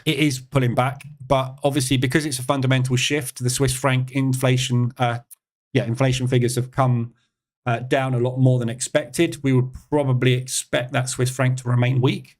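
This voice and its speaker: A man's voice: mid-range voice, level tone, moderate pace. A man hosting a live trading stream, giving casual market commentary and thinking aloud with many fillers and asides.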